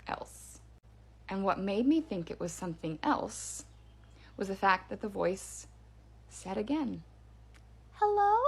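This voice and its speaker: A woman recounting a creepy encounter in a chatty, unscripted way. She talks with plenty of ums and likes, and her voice swings up high when she acts out what she heard. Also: slightly rough. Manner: animated, spooky retelling with fillers. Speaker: storyteller. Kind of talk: casual first-person ghost story.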